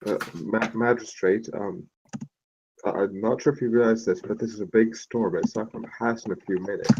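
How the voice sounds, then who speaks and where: Low-voiced man on a muffled mic. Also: steady tone, fairly quick, creaky, noisy background. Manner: earnest, polite, hesitant. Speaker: player. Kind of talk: in-character tabletop play.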